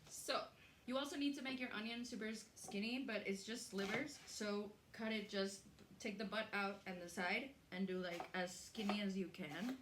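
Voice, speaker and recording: A woman's voice: medium pitch, fairly bright tone, a little hiss or hum. A young woman hosting a casual cooking vlog in her home kitchen, chatty, swearing freely and laughing easily. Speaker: cooking show host. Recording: roomy kitchen echo.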